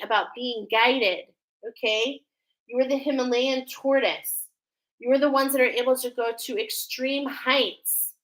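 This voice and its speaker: A woman doing an intuitive card reading for her viewers, rambling and earnest, often checking in with a quick "okay?". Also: high voice, rough recording. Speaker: oracle card reader.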